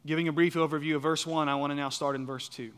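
A man preaching a sermon, emphatic, repeating key phrases and swinging from loud to soft. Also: fairly high pitch, steady tone, quick pace, clear, resonant tone. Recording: reverberant hall.

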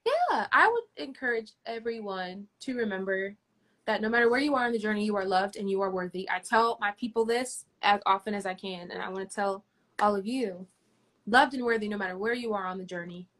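A woman's voice: medium pitch, fairly quick, a bit bright. A woman answering as a guest in a livestream interview, earnest and encouraging, with restarts.

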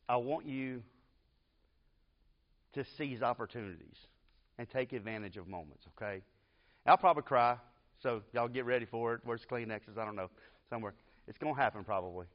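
A man teaching a church Bible class, telling a personal family story in an earnest, emotional, conversational way. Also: mid-range voice. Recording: dull lo-fi class recording.

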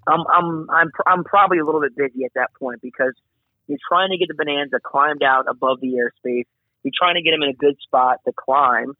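A fairly high-voiced man, an air traffic controller, talks through his work in a chatty, animated way, piling on asides and acting out radio calls. His voice arrives dry and tinny, as if over a phone line. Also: brisk, no echo. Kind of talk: casual interview explanation.

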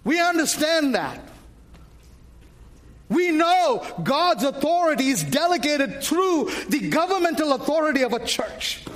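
A male preacher gives a sermon in a high voice that climbs to shouts and then sinks low again. He throws questions directly at the congregation and keeps them responding.

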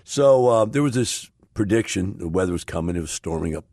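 A man's voice: low voice, expressive, fairly quick, darkish tone, breathy edge, no room sound, clean studio sound. A man hosting a show, telling a folksy story and urging listeners emphatically to take responsibility. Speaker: host. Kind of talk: motivational storytelling talk.

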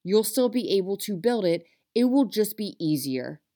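A woman's voice: medium pitch, big pitch swings, normal speed, mellow. Passionate woman giving a motivational talk. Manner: earnest and passionate, speaks directly to listeners. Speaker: self-help podcast host.

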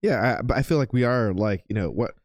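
A man co-hosting a podcast in casual chat, relaxed, with quick agreeing interjections. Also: mid-range voice, dry recording, studio quality. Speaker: podcast co-host.

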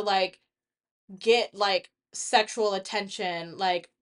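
A young woman co-hosts a casual podcast chat with a slightly high voice. She talks bluntly and swears heavily. She fills her sentences with "like". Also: normal speed, a bit bright. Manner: blunt, heavy swearing, frequent "like". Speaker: podcast co-host.

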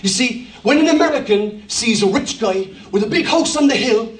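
An Irish pastor preaching a humorous, lively sermon, rising to shouts at high points. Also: male voice, normal speed, roomy sound, recorded from a distance.

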